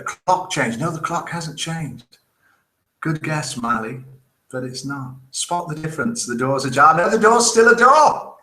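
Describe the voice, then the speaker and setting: A man's voice: a little high, bright, forceful tone. A man hosting a live online show, chatting casually, reading out viewer comments and telling jokes he laughs at himself. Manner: chatty, jokey, laughs at his own jokes. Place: indoor room in Spain. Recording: roomy echo.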